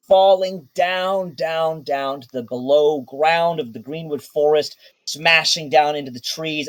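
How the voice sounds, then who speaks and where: A man narrating a tabletop game as dungeon master in a laid-back, casual way. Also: on the high side.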